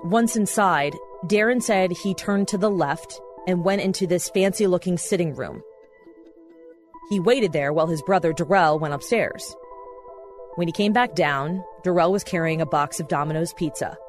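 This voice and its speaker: A woman reporter and podcast host, telling a court story in measured, matter-of-fact scripted narration. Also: fairly low pitch, faint music behind.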